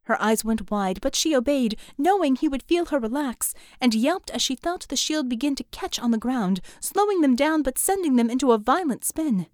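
A woman reading an audiobook aloud in a brisk, engaged storytelling style. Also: sits high, animated, a little mellow, no room sound, studio quality. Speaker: audiobook narrator. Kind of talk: scripted narration.

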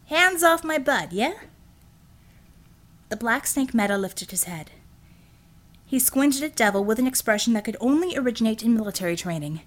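A woman's voice: on the high side, expressive, brisk. Woman narrating an audiobook.

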